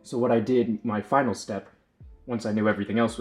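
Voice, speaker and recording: A man with a somewhat low voice talks through his workshop build in a loose, rambling way, stopping to restart and correct himself. Faint music plays under his voice. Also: fairly even intonation, a little fast, darkish tone. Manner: rambling, self-correcting, frequent fillers. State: slightly out of breath. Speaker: lightsaber builder. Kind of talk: casual workshop explanation.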